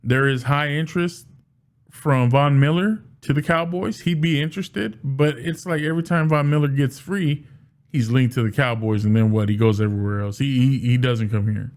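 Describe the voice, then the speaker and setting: A man giving casual solo commentary as a sports fan, animated, often restarting and repeating words. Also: mid-range voice, normal speed.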